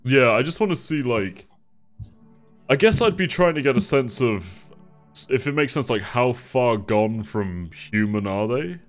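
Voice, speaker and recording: Low guy, really animated, says like a lot, music faint behind. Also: unhurried. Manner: curious, chatty, lots of "like". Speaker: player. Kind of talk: casual tabletop play.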